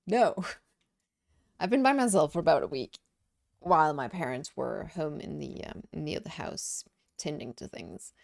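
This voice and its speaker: A woman streaming from her desk at home, telling a story in an animated way with frequent laughs and restarts. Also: deep voice, measured pace, gravelly. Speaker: live streamer. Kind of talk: casual storytelling to a live stream chat.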